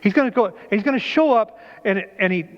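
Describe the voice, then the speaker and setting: A man's voice: high voice, lively intonation, quick pace. A man preaching a conversational sermon in a church, often asking the congregation questions. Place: church sanctuary. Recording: dull lo-fi church recording with long reverb.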